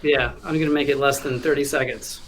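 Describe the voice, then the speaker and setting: A man co-hosting a casual livestream chat from home, joking around with quick asides. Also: medium pitch, steady tone, slight background noise. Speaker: co-host.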